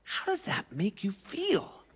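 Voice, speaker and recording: A comedian on stage doing an impression of a slow, solemn older male TV genealogy host, drawing out each phrase with dramatic pauses. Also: sits high, huge pitch swings, husky, big-room sound, heavily acted.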